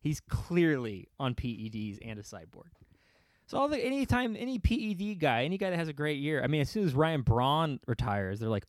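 A man's voice: a little high, very animated, moderate pace, no room sound. A man hosting a podcast, telling a story in a sarcastic, comic rant, laughing often and dropping into whispers for the voices he acts out. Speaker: podcast host. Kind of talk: comedic ranting monologue.

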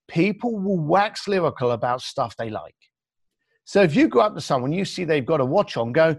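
A man's voice: fairly high pitch, moderate pace, creaky, slightly rough, no room sound, clean studio sound. A man, a podcast guest, talking bluntly and acting out other people's lines. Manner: blunt, animated storyteller who acts out quotes. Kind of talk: podcast interview.

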